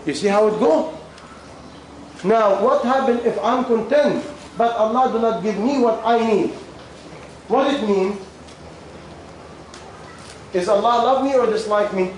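A man's voice: high-pitched, a little slow, long pauses, darkish tone. A man preaches, repeating questions and coaxing answers from the crowd. He is losing his voice. The sound rings around a big echoing hall with faint noise. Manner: questioning, repetitive, coaxing the audience. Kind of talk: sermon with call and response. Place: large echoey hall with audience.

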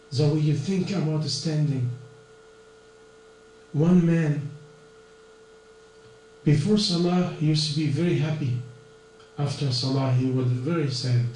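High-voiced preacher in an echoey hall. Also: male voice, darkish tone. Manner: earnest, non-native English with plain grammar slips. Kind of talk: sermon. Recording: echoey distant room recording with mains hum.

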